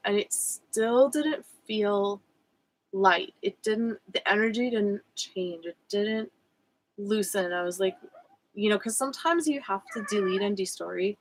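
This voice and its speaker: A woman's voice: mid-range voice, a little slow, poor audio. A woman speaking as a spiritual coach in a personal vlog, candid and reflective, with frequent fillers and self-corrections. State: emotional.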